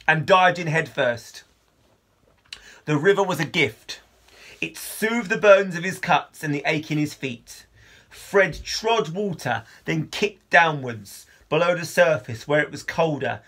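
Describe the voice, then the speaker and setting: A man, a teacher, reading a children's novel aloud with expressive storytelling. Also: a little high.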